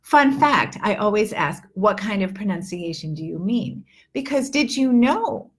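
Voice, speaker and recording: A woman's voice: mid-range voice, sing-song, normal speed, few pauses, husky. Chatty woman in her fifties teaching. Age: 50s. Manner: chatty, earnest, with many fillers and restarts. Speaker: English teacher and accent coach. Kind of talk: live online lesson.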